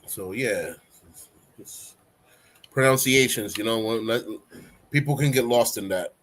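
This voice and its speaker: A man's voice: medium pitch, unhurried, a little hiss or hum. A man hosting a casual live-stream talk show, talking loosely in an instructive, coaching way and leaning on "you know" a lot. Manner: relaxed, rambling, heavy use of "you know". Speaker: livestream talk show host.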